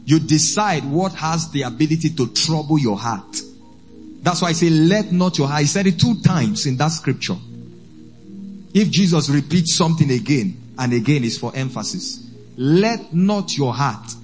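Priest preaching over faint music. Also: male voice, fairly high pitch, expressive. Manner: emphatic, slows down to stress scripture phrases. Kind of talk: sermon.

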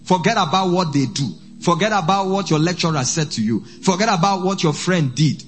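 A man, a priest preaching a sermon, who slows down and repeats phrases for emphasis. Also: high voice, animated, faint music behind.

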